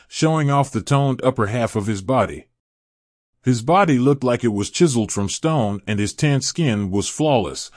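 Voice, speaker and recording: A man reads fan fiction aloud in a steady storytelling voice. His pitch sits in a middle range, and the sound is close and dry, with no echo around it. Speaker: narrator.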